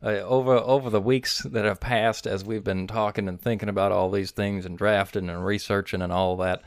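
A man co-hosting a casual podcast, speaking in a measured, mock-formal way. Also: lowish voice, fairly even intonation, no echo. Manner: measured and mock-formal, with polite sir-style replies. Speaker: podcast co-host. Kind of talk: casual podcast banter about fantasy football.

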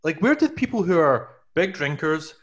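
A man's voice: a little high, very animated, normal speed. A man from Canada co-hosting a podcast, talking in a rambling way full of fillers and restarts. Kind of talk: casual chat.

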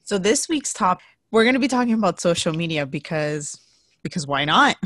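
A woman's voice: lowish voice, sing-song, normal speed, a bit bright, dry recording, clean studio sound. A young woman from the southern United States co-hosting a podcast, chatting casually and laughing often. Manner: chatty, laughs often, drops to a murmur at times. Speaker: podcast co-host. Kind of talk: casual chat.

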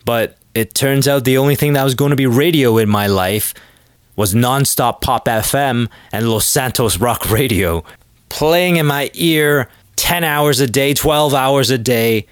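A man's voice: medium pitch, a little slow, clear, resonant tone, dry recording, clean studio sound. A young man hosting his own podcast, rambling casually and making self-deprecating jokes. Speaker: podcast host. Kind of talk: casual solo monologue.

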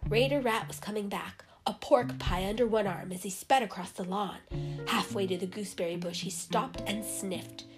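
A woman reads a children's animal story aloud in a lively, expressive storyteller's voice at normal speed. Her pitch is ordinary middle range, with music clearly audible underneath.

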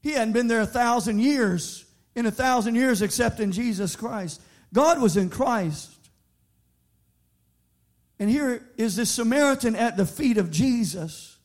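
A man preaching a sermon, moving from shouted sing-song appeals to quieter, conversational teaching with frequent restarts. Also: very high voice, measured pace. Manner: repeats words in restarts. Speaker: pastor.

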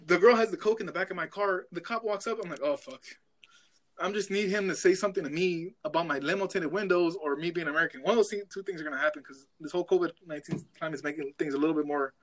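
Brief: young man, quick and slightly high, animated profane storyteller in casual podcast chat. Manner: animated, profane, acts out voices in his story.

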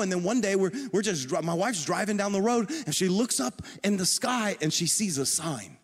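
A man's voice: high voice, lively intonation, brisk, hardly any pauses, in a large hall. Impassioned preaching pastor, man. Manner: earnest and impassioned, repeating phrases, rising to emphatic peaks. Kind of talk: sermon.

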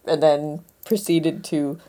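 A woman's voice: sits low, little pitch movement, takes it slowly, warm tone. A woman co-hosting a radio show in casual chat, wry and self-mocking.

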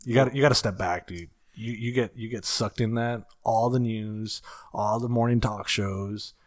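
A man's voice: fairly low pitch, steady tone, normal speed. A man co-hosting a casual chat, laid-back, often saying "dude".

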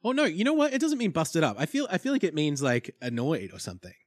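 A young man co-hosts a casual recap chat, wry and thinking aloud as he goes. His pitch moves a lot as he talks. The recording is dry and close. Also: huge pitch swings, fast, no echo. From Australia. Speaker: podcast co-host.

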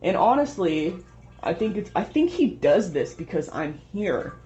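This young woman vlogger is on a casual venting rant, rambling, frustrated and swearing a lot. Her voice is fairly low, very animated and warm, delivered at a measured pace. The home recording sounds muffled.

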